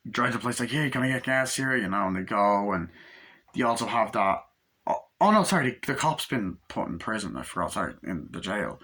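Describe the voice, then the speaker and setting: A man's voice: on the low side, bright, forceful tone. A man giving a casual, rambling film review, full of fillers and swearing. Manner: rambling, swears often, lots of "like" and "um". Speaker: movie reviewer.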